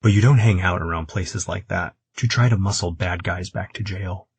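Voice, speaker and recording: A man voicing an earnest young man, blustering but unsure of himself, in a plain husky voice. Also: sits low, moderate pace, no echo, exaggerated voice. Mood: subdued.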